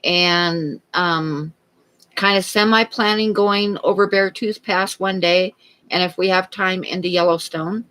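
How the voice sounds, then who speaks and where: Streamer host, casual chat, relaxed, rambling, middle pitch. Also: unhurried, smooth, low-quality recording. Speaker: painting livestream host. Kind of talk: casual chat and joke-telling.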